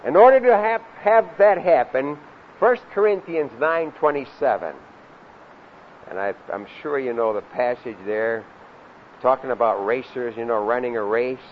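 An older man preaching a sermon, swinging between loud emphatic lines and low asides, and leading the congregation in reciting scripture. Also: lively intonation, measured pace. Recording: dull lo-fi sound with faint hiss.

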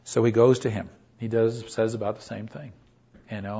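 A man's voice: on the low side, steady tone, moderate pace, mellow, breathy edge. A man preaching in an earnest, conversational way, telling a story and acting out what people said. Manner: earnest, conversational, acts out quotes. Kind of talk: storytelling sermon. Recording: dull lo-fi recording.

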